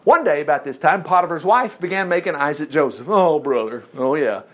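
A man's voice: a little high, animated, a little fast. A man teaching a Bible study, reading scripture aloud and breaking in with folksy exclamations and rhetorical questions.

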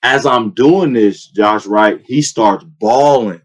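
Animated man telling his story. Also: takes it slowly, husky. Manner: animated storytelling, acts out quotes with rising pitch. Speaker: youth football coach and sports training founder. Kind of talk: casual testimony in a podcast chat.

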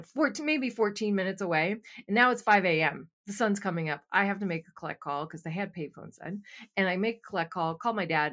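A young adult woman co-hosting a podcast, telling a story from her teens in a candid, animated way with some swearing. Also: sits low. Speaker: podcast co-host. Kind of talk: casual chat, storytelling.

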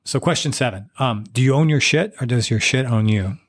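A man's voice: mid-range voice, a little fast. A man hosting an interview, reading out numbered questions and giving short agreeing replies. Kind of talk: casual interview chat.

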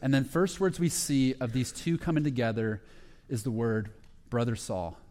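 A man preaching a sermon as a pastor, retelling a story with lively quoted voices. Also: mid-range voice, moderate pace. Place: church sanctuary. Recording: long reverb of a hall.

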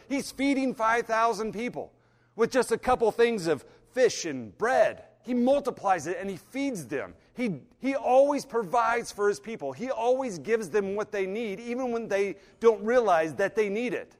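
A man with a high voice preaches a storytelling sermon and slips into the voices of the people he describes. He moves between quiet, low passages and loud, fervent ones. His words ring out in a hall with a long reverb. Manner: storytelling, acts out voices, swings from hushed to fervent.

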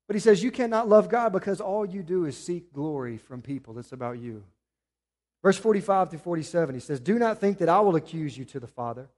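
Male pastor, higher voice, sermon with rising emphasis and quiet asides. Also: brisk. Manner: preaching with rising emphasis, then dropping to quiet appeals.

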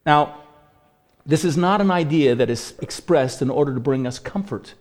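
A man preaching a radio sermon in a somewhat high voice. He presses hard on key points, then drops to a quiet, grave tone. His delivery is earnest and steady throughout. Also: normal speed, faint music behind. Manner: earnest preaching that swings between loud emphasis and hushed gravity. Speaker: pastor.

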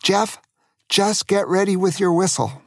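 A man voicing a calm, hopeful grandmother in a children's story, speaking in a reassuring tone. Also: high-pitched, measured pace, no echo, clean studio sound, pitched above the performer's own voice.

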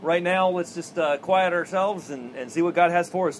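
A man's voice: sits high, normal speed, few pauses, slight background noise. A man preaching an outdoor chapel sermon at a racetrack, telling stories in a folksy, chuckling way. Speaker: racetrack chaplain.

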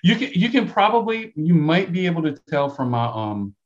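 A middle-aged man speaks with a South Carolina brogue, his pitch swinging all over as he talks. He rambles and corrects himself, chatting casually as a podcast guest. The sound is a bit dull and lo-fi. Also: big pitch swings, normal speed. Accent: South Carolina Lowcountry brogue. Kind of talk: casual storytelling.

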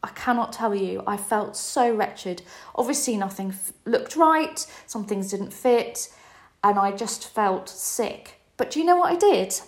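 A woman's voice: medium pitch, animated, unhurried. A woman in her forties, host of a podcast, telling a personal story in a candid, emotional, confessional way. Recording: roomy echo.

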